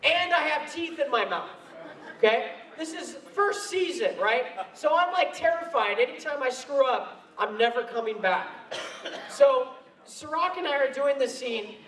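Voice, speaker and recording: A man's voice: very high-pitched, expressive, a little slow, a bit bright, recorded from a distance. A man speaking on stage at a convention, telling laughing, self-mocking anecdotes into a handheld mic, recorded in an echoey hall from afar. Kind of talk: storytelling convention talk.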